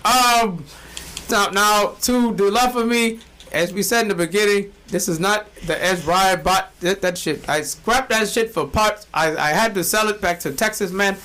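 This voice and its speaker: A man co-hosting a casual podcast, excitable and jokey, laughing often. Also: high-pitched, moderate pace. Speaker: podcast co-host. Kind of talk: casual chat.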